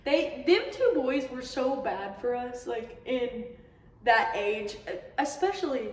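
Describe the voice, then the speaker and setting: A young woman co-hosting a podcast, telling stories in a casual, animated way and laughing often. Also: high voice, takes it slowly. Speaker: podcast co-host. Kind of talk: casual storytelling chat. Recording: echoey room, far from the mic, faint hiss.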